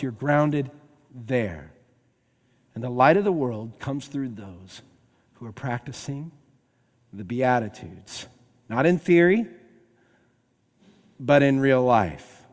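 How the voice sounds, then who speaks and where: A man preaching a sermon as pastor, emphatic, swinging between raised and hushed delivery. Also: mid-range voice, long reverb tail.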